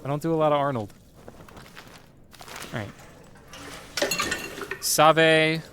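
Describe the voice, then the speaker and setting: A man's voice: on the high side, a little fast, noisy background. A man streaming a horror game, chatting casually and swearing freely while he mutters to himself and answers chat. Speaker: streamer and voice actor.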